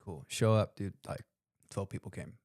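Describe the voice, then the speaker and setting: A man's voice: sits low, moderate pace, vocal fry, a little mellow, no echo, clean studio sound. A man co-hosting a podcast, talking earnestly about faith and calling his guest "dude" and "man". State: tearful while telling a story. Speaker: podcast co-host. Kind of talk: casual podcast conversation.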